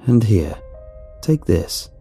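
Male narrator as a calm crew boss, low, husky, blunt. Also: slow, soft background music, full character voice.

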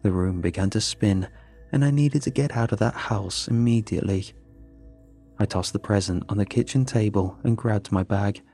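Low-voiced man narrating a horror story. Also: warm tone.

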